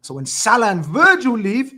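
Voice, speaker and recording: A middle-aged man chatting casually about football as a podcast host, animated and emphatic, swearing often. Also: sits high, moderate pace.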